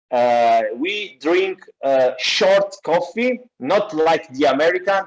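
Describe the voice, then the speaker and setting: A man with a noticeable Italian accent talks haltingly over a video call. His voice sits a bit high, and his explanations are broken up by frequent filler sounds. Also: a little mellow, highs cut off. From Naples, southern Italy. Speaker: guest speaker. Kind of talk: explaining pictures in an online class.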